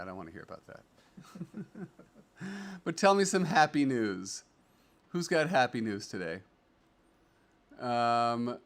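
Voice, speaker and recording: A middle-aged man hosting a casual livestream, chatting and reading viewer comments aloud in an upbeat, rambling way with lots of fillers. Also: mid-range voice. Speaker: livestream host.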